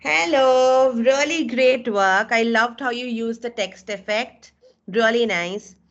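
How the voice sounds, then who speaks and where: Indian English woman instructor, slow-spoken, fairly high, dull video-call audio; encouraging. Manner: encouraging, effusive praise, calls out names. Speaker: webinar instructor. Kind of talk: live online class, reviewing student work.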